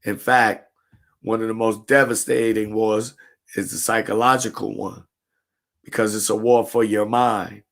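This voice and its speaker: A man hosting a podcast, talking in a measured, deliberate way. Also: on the low side, steady tone, creaky, fairly bright tone. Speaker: podcast host. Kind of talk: casual podcast discussion.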